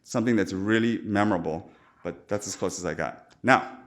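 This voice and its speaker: A man's voice: on the low side, fairly quick. A man lecturing as a surgeon at a medical conference, informal and chatty, with jokes and quoted asides. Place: lecture hall.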